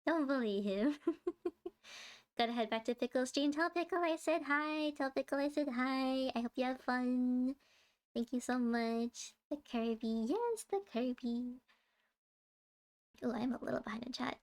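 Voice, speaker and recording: A woman's voice: high voice, a little slow, darkish tone. Giggly chatty American woman streamer. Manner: chatty, giggly, reads chat aloud. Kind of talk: casual livestream chat.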